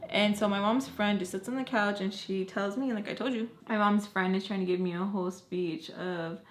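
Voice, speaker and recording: Young woman, casual storytime vlogger, acts out quotes, rants heatedly, mid pitch. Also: fairly even intonation, normal speed, few pauses, fairly bright tone. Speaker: beauty vlogger telling a story. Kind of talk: storytime vlog while doing makeup.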